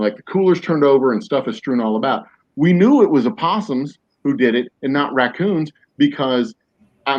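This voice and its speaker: A man's voice: medium pitch, a little mellow. A man hosting a podcast in casual chat, rambling through jokey, mock-serious tangents. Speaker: podcast host. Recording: dull lo-fi, dry.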